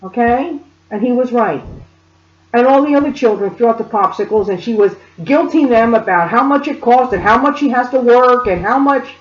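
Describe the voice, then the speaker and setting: Animated woman telling a story, echoey room. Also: fairly high pitch, normal speed. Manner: animated, addresses listeners directly. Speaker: spiritual reader and speaker. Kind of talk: storytelling monologue. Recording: roomy, dull lo-fi sound.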